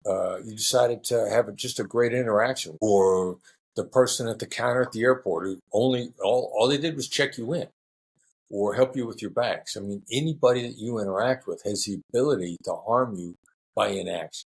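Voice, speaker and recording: A middle-aged man, a former hostage negotiator, answering interview questions in a relaxed storytelling way and acting out quoted voices. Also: lowish voice, brisk, gravelly, slightly rough.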